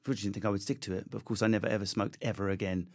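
A man being interviewed as a comedian guest, telling stories in a rapid, animated, self-deprecating way with frequent restarts. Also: lowish voice, gravelly. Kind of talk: conversational interview storytelling.

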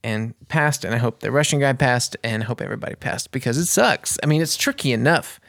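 Man, mid-pitch, vlog storyteller, chatty and rambling, dry close recording. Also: a little fast, vocal fry, a bit bright, no room sound. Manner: rambling, restarts and searches for words. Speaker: vlogger. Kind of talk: casual storytelling to camera.

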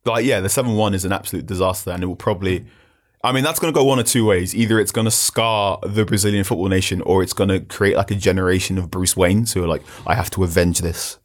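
Guy on a podcast panel, lowish voice, rambles and tells stories. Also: quick pace. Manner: rambling, animated storytelling with restarts. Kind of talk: casual football chat.

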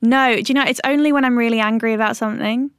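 Curious young woman co-host, higher voice. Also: steady tone, fast talker, clear, resonant tone, no room sound, studio quality. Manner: curious, asks questions. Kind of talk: casual interview chat.

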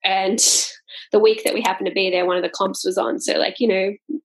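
A woman's voice: medium pitch, level tone, fairly quick, husky. A woman co-hosting a casual podcast chat, talking freely with many fillers and frequent laughs. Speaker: podcast co-host.

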